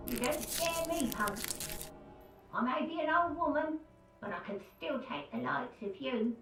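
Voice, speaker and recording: A woman's voice: high voice, lively intonation, unhurried, reverberant, recorded from a distance, over music, low-quality recording. A woman voicing a stubborn, suspicious elderly woman who scolds visitors through a locked door in a video game. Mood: scolding. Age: older.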